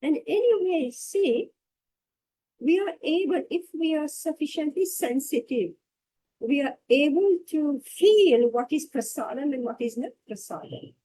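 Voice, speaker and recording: A woman with a fairly high but mellow, warm voice leads a scripture class. She reads passages aloud and then talks them through in a reflective way, circling back to repeat key phrases. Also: lively intonation, measured pace, a little hiss or hum, poor audio. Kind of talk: scripture reading and discussion.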